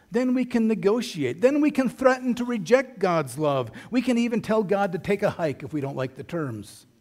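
A man's voice: on the high side, darkish tone. A middle-aged man preaching a sermon as a pastor, in a conversational storytelling manner with wry humor.

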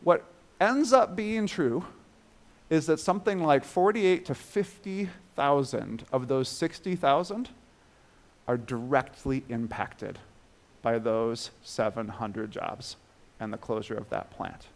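A man preaching a sermon with emphatic swells and drops in his voice, then leading the listeners through a guided breathing exercise. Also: slow pace. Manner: emphatic, rising and falling in pitch and loudness.

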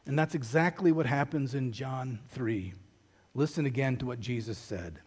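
A man's voice: mid-range voice, normal speed, darkish tone, breathy edge. A middle-aged man preaching a sermon as a pastor, in a conversational storytelling manner with wry humor.

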